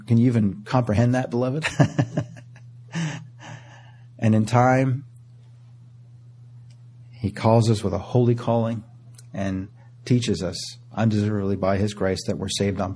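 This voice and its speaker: A man's voice: on the low side, dark tone, a little hiss or hum. A man preaching a sermon in an auditorium, reading scripture aloud with rising emphasis and calling his listeners beloved.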